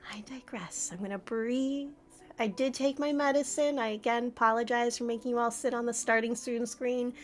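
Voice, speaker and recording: A woman's voice: sits high, fairly bright tone. A woman streamer chatting casually with her live audience, flustered and giggling often. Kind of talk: casual livestream chat.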